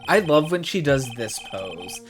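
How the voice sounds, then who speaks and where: A man's voice: on the high side, sing-song, unhurried. A male streamer chatting and reacting with amusement while playing a game, laughing often. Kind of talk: casual gameplay commentary. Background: game music.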